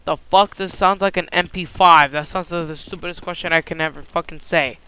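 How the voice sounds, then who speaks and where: A man giving profane, excitable commentary over a video game, slipping into Spanish slang, on a cheap headset mic. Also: on the high side, fairly quick, a little hiss or hum. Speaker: gamer. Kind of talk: gameplay commentary.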